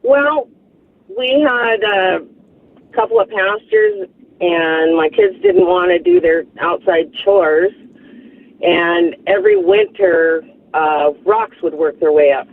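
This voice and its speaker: A woman calling into a radio show, telling a story slowly and haltingly. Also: medium pitch, creaky. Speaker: caller. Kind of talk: phone-in storytelling. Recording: tinny phone line.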